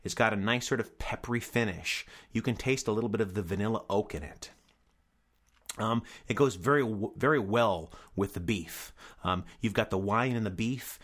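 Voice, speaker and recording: A man's voice: on the low side, fairly bright tone. A man casually reviewing cheap wines, with a dry, wry and sarcastic manner. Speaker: wine reviewer.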